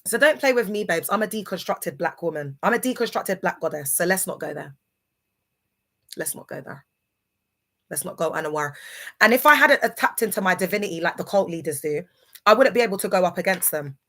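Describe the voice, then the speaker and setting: A woman livestreamer with a lowish, slightly bright voice talks fast and animatedly to her viewers while grieving. It's a casual, emphatic, preachy monologue peppered with checks on whether they understand.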